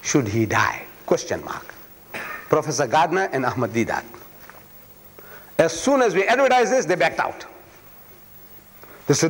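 A man's voice: a little high, animated, normal speed, long pauses. Emphatic man lecturing in hall. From South Africa. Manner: emphatic, rhetorical, repeats phrases for effect. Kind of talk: public lecture. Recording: long reverb of a lecture hall.

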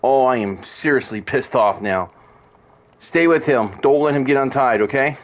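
A man's voice: medium pitch, moderate pace. A man streaming a western video game, talking to the characters and swearing as he grumbles at the action. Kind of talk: casual gameplay commentary.

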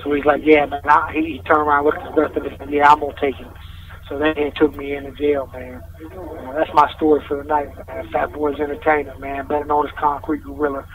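A man's voice: on the high side, flat delivery, fairly quick. A man calling in from jail, rambling through a story in casual street slang with heavy swearing. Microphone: phone call. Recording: distant, noisy phone line from jail.

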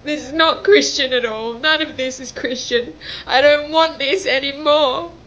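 High-voiced tearful young woman, slow. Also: fairly bright tone, lo-fi sound. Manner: tearful and pleading, voice breaking. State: crying at times. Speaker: vlogger. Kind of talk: emotional direct-to-camera message.

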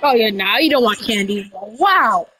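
A woman doing casual game role-play over voice chat, rambling with restarts and breaking into sudden high shouts. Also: animated, unhurried, breathy edge, faint music behind, low-quality recording. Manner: rambling, with many restarts and y'all. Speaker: roleplayer running a candy store character.

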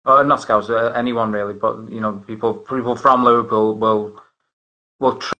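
A man's voice: fairly low pitch, steady tone, moderate pace, sharp tone, poor audio. A man hosting a casual chat, rambling with many restarts and fillers. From northern England. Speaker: host.

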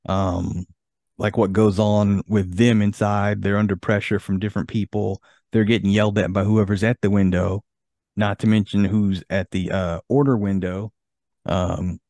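A man's voice: on the low side, vocal fry, warm tone, no echo, studio quality. A man hosting a podcast in casual chat, easygoing and reading from an article. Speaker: podcast host.

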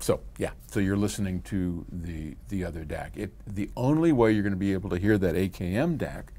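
Low-voiced older man answering a letter. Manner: reads letters aloud, chatty with soft laughs. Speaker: company founder answering viewer questions. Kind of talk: casual talk answering a viewer letter.

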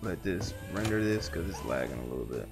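A man's voice: deep voice, brisk. Dude riffing over his game, slangy and cussing, voice jumps all over, game music behind. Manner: animated, slangy, profane reactions. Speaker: gaming commentator. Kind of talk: let's play commentary.

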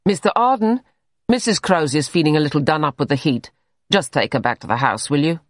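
A reader voicing a brisk plantation manager who calls out instructions. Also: medium pitch, animated, no room sound, studio quality, close to an everyday voice. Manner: brisk, calling out.

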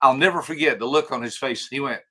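An older man with a bright, forceful voice tells a story as a podcast guest. He is animated and acts out each quoted line, stumbling over his restarts as he goes. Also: mid-range voice, fast. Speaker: guest, author and trainer.

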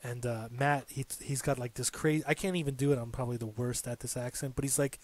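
A young man co-hosting a casual gaming video, telling stories excitedly and saying "like" a lot. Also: mid-range voice, fast, no echo. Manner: excitable storyteller, heavy "like" filler. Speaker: let's-play co-host.

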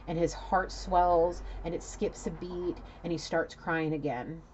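A woman's voice: on the low side, fairly even intonation, unhurried, a little mellow, muffled recording, slight background noise. A woman doing an intuitive reading, talking casually and emotionally and swearing freely. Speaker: intuitive reader.

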